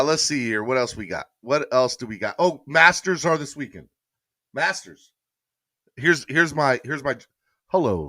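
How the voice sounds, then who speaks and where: A man's voice: mid-range voice, fairly bright tone, no room sound, clean studio sound. A man hosting a casual sports podcast live stream, rambling chattily and reading viewer comments aloud. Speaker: podcast host.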